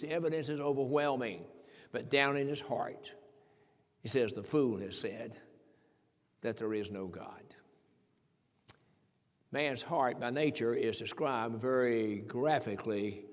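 A man, a pastor preaching a sermon, emphatic and repetitive, asking rhetorical questions. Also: mid-range voice. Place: church sanctuary. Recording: long hall reverb.

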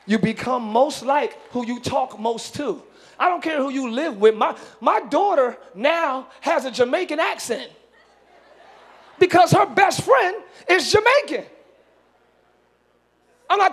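A man pastor preaching a sermon in a church, swinging between hushed asides and shouted, animated exhortation. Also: extremely high pitch, unhurried, long pauses, a faint crowd. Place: church sanctuary.

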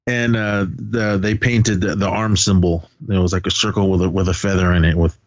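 A man's voice: deep voice, little pitch movement, moderate pace, no echo, highs cut off. A man co-hosting a podcast, casually retelling a movie's plot in a rambling, profane way and laughing as he goes. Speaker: podcast co-host. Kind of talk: casual movie recap chat.

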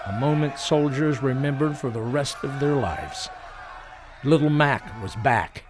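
A man narrating a scripted history story in a dramatic storytelling manner, slowing and dropping his voice for emphasis. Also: medium pitch, animated, noisy background.

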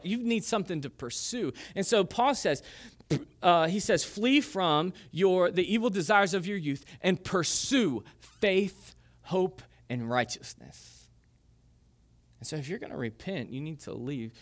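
In a sermon, a male pastor tells a story sprinkled with casual jokes and asides. His voice is a little high for a man and slightly bright, and he speaks conversationally rather than formally.

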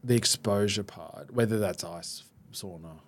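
A man hosting a podcast, talking openly and reflectively with frequent restarts. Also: sits low. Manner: open and self-reflective, halting restarts. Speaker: podcast host. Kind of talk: candid podcast conversation.

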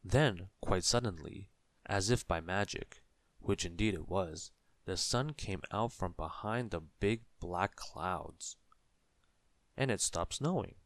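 A man reading a children's story aloud in a gentle, measured way. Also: sits low, expressive, no room sound.

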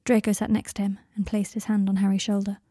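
A woman narrating a fan fiction audiobook with soft, expressive, intimate storytelling. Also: medium pitch, fast, slightly rough, no echo, studio quality.

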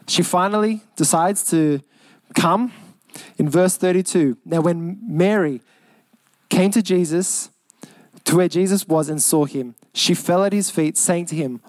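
A young man with an Australian accent preaching a sermon as pastor, earnest, repeating lines for emphasis and slowing down on key phrases. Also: high-pitched, a little mellow, no room sound.

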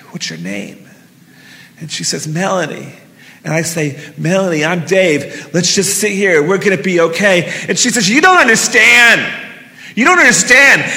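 A man's voice: fairly high pitch, sharp tone. A middle-aged man telling a personal story live on stage into a handheld mic, earnest and vivid, with casual swearing. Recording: long reverb of a hall.

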